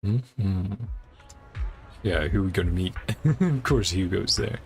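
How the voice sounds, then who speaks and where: A man's voice: lively intonation, takes it slowly, vocal fry, soft background music. A man streaming a story game, chatting casually and laughing often between dialogue lines. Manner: chatty, laughs often, low-key asides. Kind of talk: casual gameplay commentary.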